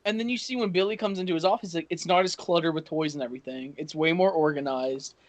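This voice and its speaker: A man co-hosting a podcast, retelling film scenes in animated casual chat, swearing and calling his friends bro. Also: a little high, quick pace, no echo. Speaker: podcast co-host.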